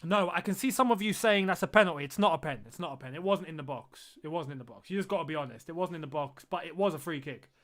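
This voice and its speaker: A man's voice: fairly high pitch, fast, hardly any pauses, a bit bright. A man streaming a football watch-along, reacting live to the match and repeating phrases as he groans and exclaims at the play.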